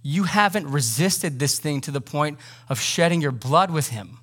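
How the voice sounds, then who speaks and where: A man preaching with an easygoing, conversational delivery that slips into jokes and then lands his points firmly. His voice sits a little higher than most men's. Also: expressive, normal speed, hardly any pauses, fairly bright tone. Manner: conversational, joking, emphatic. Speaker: pastor. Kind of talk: sermon.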